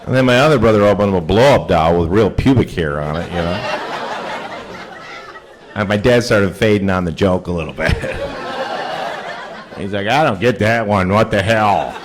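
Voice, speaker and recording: Man, stand-up storytelling, low pitch, audience laughter, loud room noise. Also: normal speed, long pauses, some chatter behind. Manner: acts out his drunk father, shouting. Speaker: stand-up comedian.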